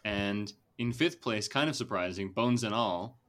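Hosting a laid-back movie podcast, this young man speaks at a measured pace in a voice that sits on the low side with a bit of brightness. He rambles chattily, laughing often and leaning on plenty of fillers.

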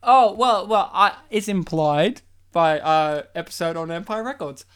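A man's voice: sits high, measured pace. A man co-hosting a casual comedy podcast, teasing and sarcastic. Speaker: podcast co-host.

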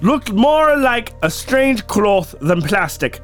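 A man putting on an Irish accent to read a witness account aloud in slow, careful storytelling. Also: high-pitched, big pitch swings, a bit bright, soft background music, full character voice. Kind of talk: reading a listener story aloud in a put-on accent.

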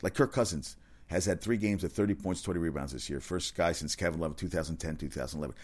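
A man giving a casual, rambling sports rant, excitable and profane, often correcting himself. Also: deep voice, fast. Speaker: sports commentator.

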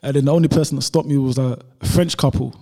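A man's voice: medium pitch, fairly even intonation, fast talker, dark tone. A man from London, a YouTuber, telling a travel story in casual chat, laid-back and full of slang asides. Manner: laid-back, peppers talk with "bro" and "whatever".

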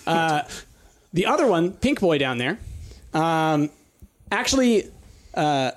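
Rambling male game master, slightly high. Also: very animated, takes it slowly. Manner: rambling, many fillers and restarts. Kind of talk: narrating a tabletop game.

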